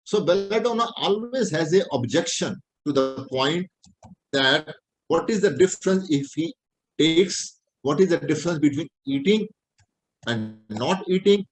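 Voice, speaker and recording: Middle-aged Indian-accented male doctor, lecturing, somewhat high pitch, plain repeated explanations. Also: lively intonation, normal speed, rough recording. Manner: plain-spoken, repetitive explaining, non-native English phrasing. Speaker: homeopathic doctor teaching.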